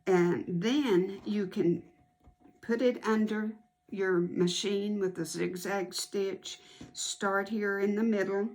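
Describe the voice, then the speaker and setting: Slow, gravelly-voiced woman teaching sewing. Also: medium pitch, steady tone, a little mellow. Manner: unhurried, homey step-by-step explaining. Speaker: quilting instructor. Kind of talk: hands-on sewing tutorial.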